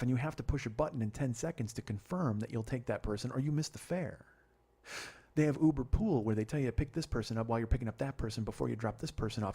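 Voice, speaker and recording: A gravelly, husky-voiced middle-aged man tells a rambling story on his own podcast. He talks fast, swears freely and gets more animated as he goes. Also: mid-range voice. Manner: profane, rambling, animated retelling. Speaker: podcast host. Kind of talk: storytelling monologue.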